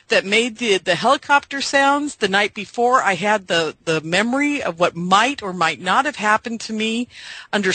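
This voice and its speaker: Impassioned woman radio host, bright voice. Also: medium pitch, breathy edge, no room sound, rough recording. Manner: emotional, pleading, addresses folks directly. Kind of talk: impassioned monologue to listeners.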